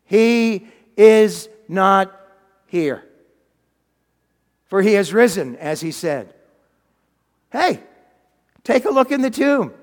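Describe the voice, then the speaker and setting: Friendly reassuring angel done by a preacher, coaxing and easy, big hall echo. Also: male voice, a little high, lively intonation, slow, long pauses, darkish tone, pitched below the performer's own voice. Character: shining angel, reassuring and kindly.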